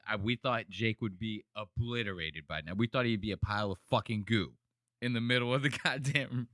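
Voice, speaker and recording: A man's voice: a little fast, dry recording, clean studio sound. A man hosting a casual podcast, talking over fight clips, swearing a lot and mimicking people. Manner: animated, profane, mimics people in high voices. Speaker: podcast host.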